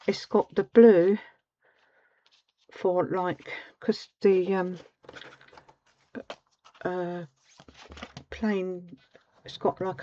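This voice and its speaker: Slow, mellow-voiced woman demonstrating crafts. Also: lowish voice, slight background noise. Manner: chatty, rambling, with many ums. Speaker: craft tutorial host. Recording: slightly dull home recording.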